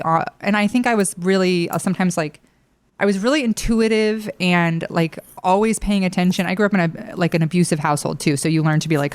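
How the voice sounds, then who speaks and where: A woman's voice: lowish voice, clean tone, no echo. A middle-aged woman hosting a podcast, talking in a friendly, chatty way and laughing easily. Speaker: podcast host. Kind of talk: casual podcast conversation.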